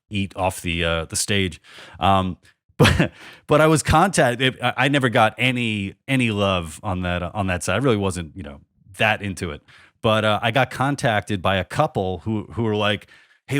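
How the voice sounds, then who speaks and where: Low-voiced man rambling, joking at himself. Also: a bit bright, no room sound, clean studio sound. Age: 30s. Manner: rambling, self-deprecating, many restarts. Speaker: podcast host. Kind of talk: casual comedic conversation.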